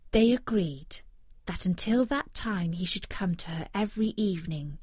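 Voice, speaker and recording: A woman reading a fairy tale aloud in an expressive, storytelling way. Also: lowish voice, unhurried, husky, no echo, clean studio sound.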